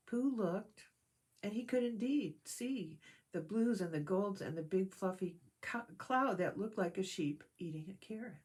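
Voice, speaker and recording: A woman reading a storybook aloud in a calm, gentle way as a church storyteller. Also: mid-range voice, normal speed, husky.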